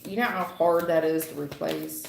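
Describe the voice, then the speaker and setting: A middle-aged woman doing a live tarot reading, blunt and slangy, teasing and animated as she talks to viewers. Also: deep voice, moderate pace, gravelly, roomy sound, a little hiss or hum. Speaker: tarot reader.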